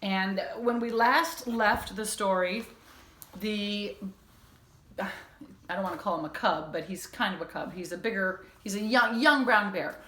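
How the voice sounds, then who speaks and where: A woman teacher reads a children's chapter book aloud, recapping the story casually and then reading with expression. Her voice sits at a middling pitch, and the room adds a noticeable echo. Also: a little slow, fairly bright tone. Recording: echoey room.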